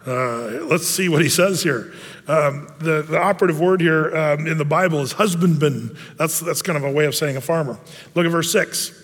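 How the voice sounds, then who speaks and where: A middle-aged man leads a men's Bible study in a loose, joking, rambling way, full of ums and restarts. His voice sits a little high for a man, and a long reverb trails behind it in the hall. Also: moderate pace, fairly bright tone, slightly rough. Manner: folksy and rambling, many fillers and restarts, humorous asides. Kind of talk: conversational Bible teaching with personal stories.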